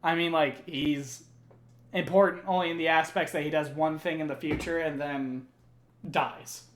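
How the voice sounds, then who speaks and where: A man's voice: fairly high pitch, steady tone, moderate pace, a little hiss or hum. A young man casually recounting video game lore, rambling and swearing, with plenty of fillers. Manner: rambling, profane, many fillers. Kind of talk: casual chat.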